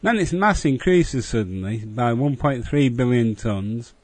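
A man's voice: mid-range voice, animated, measured pace, no room sound. A man reading his own recorded review with a dry, mocking tone. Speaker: listener sending recorded feedback. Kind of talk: read-out spoken review.

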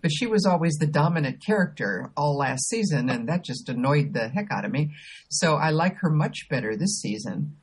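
A woman co-hosting a podcast talks in a relaxed, casual way. Her voice is husky, and she fills her sentences with ums and restarts. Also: low voice, moderate pace. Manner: hesitant, many ums and restarts. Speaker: podcast co-host. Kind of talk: casual chat.

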